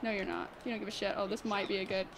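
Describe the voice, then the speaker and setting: A woman's voice: mid-range voice, flat delivery, racing. A woman playing a video game as a guest, frustrated and swearing as she trash-talks her opponent. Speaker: guest gamer. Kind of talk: casual gaming banter.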